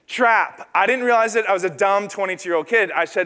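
A man's voice: high voice, quick pace, hardly any pauses, bright, forceful tone. A man in his thirties preaching a sermon, telling a self-deprecating personal story and acting out the voices in it. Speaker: pastor. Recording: long reverb of a large hall.

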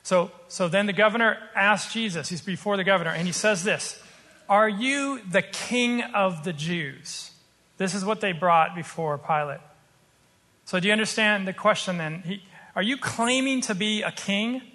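A man preaching a sermon, earnest and explanatory, slowing down to stress his points. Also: high voice, bright, forceful tone, big-room sound. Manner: earnest, explanatory, slows for emphasis.

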